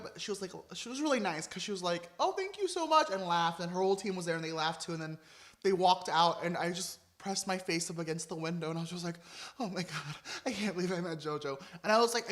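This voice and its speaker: A young man chatting casually in a vlog, gushing and expressive, swinging between excited and low-key. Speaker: vlogger. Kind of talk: casual mukbang vlog chat.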